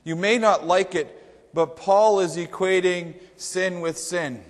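A man's voice: high-pitched, slow. A man preaching a sermon to a congregation, conversational and emphatic, putting questions to the people in front of him. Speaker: pastor. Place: church sanctuary before a congregation. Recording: long hall reverb.

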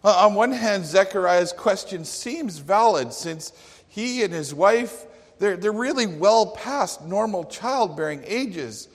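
Slow, earnest male preacher. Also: sits high, expressive. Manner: earnest, emphatic, with acted quotes. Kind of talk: sermon. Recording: long hall reverb.

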